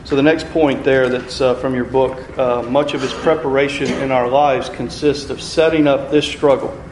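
A man teaching a Bible study group, earnest, repeating key phrases and slowing down to stress scripture. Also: mid-range voice, steady tone, a little mellow. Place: room with a group, reading from a computer. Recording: echoey room, faint ambient noise.

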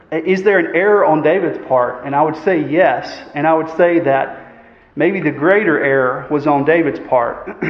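A man preaching a sermon. He poses rhetorical questions and often clears his throat. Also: fairly high pitch. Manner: earnest, asks the congregation rhetorical questions; frequent fillers and throat clearing. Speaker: pastor. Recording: echoey hall, dull sound.

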